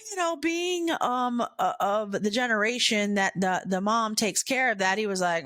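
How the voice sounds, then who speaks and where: A woman podcast host telling a candid, humorous personal story in an animated way. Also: mid-range voice, normal speed, few pauses, no echo, studio quality.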